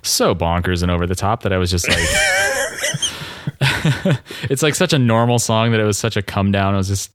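A man co-hosting a podcast in casual chat, wry and quick to laugh. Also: fairly low pitch, no echo. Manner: chatty, laughs often, wry asides. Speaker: podcast co-host.

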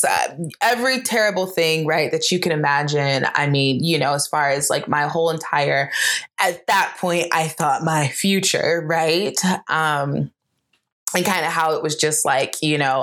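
A low-pitched woman, a young adult from the southern United States, recounts a personal story. She talks in an animated, emphatic way, full of fillers and quick asides.

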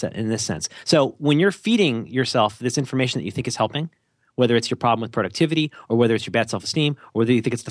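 A man's voice: medium pitch, no room sound, studio quality. A man co-hosting a podcast, talking in a casual, rambling, jokey way and often cutting himself off. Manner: animated, jokey, rambling with self-interruptions. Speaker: podcast co-host.

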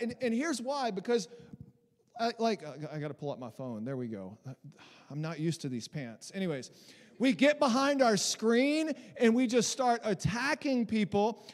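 Casting: male pastor with a high voice, casual and lively sermon delivery, church hall reverb. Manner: conversational and animated, with many restarts and mimicking voices.

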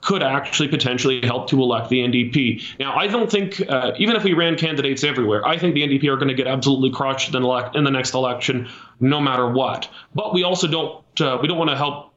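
A Canadian man leading a small political party, answering interview questions in a measured way with many fillers and restarts. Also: medium pitch, a bit bright, roomy sound, muffled recording.

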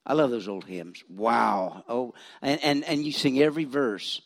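A man's voice: mid-range voice, unhurried, creaky. A retired pastor in his seventies from Missouri preaching in a church, telling stories with self-deprecating humor and frequent restarts. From Missouri, USA. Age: 70s. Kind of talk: folksy storytelling sermon.

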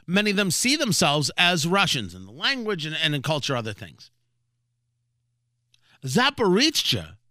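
Sarcastic high-pitched male commentator. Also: no room sound, studio quality. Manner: sarcastic, animated, repeats himself. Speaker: host. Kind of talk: comedic news commentary.

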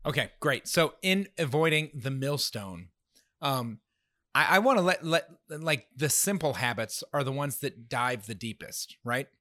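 A man's voice: mid-range voice, animated, measured pace, sharp tone, no room sound. A middle-aged man with a slightly nasal voice, co-hosting a casual faith-based parenting chat in an earnest way, repeating words as he starts his thoughts. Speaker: podcast co-host.

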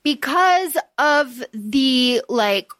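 Woman co-host, bright and a little high, animated plot recapper, dry close mic. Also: no room sound. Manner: animated, recaps plot in quick bursts with quoted voices. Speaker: podcast co-host. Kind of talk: casual book-discussion chat.

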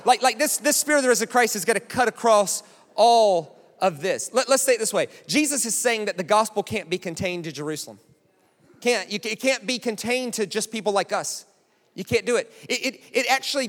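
An American man preaching a sermon in a chatty, animated way, often checking in with the crowd. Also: high voice. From United States. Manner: conversational, animated, keeps asking "right?". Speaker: pastor. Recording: long hall reverb.

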